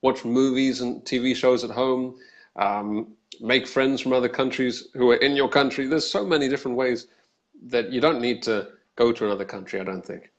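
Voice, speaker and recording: A man's voice: mid-range voice, fairly even intonation, normal speed, highs cut off. A man co-hosting a live English Q&A, explaining phrases and acting out example tones of voice. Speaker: English teacher, co-host. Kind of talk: live-streamed Q&A chat.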